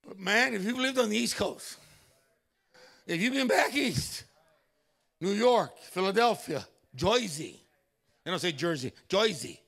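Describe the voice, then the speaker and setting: Male pastor preaching in church; high, ringing voice, lively stories and loud exclamations. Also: a little slow, vocal fry, pauses often. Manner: animated storytelling with loud exclamations. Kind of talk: sermon.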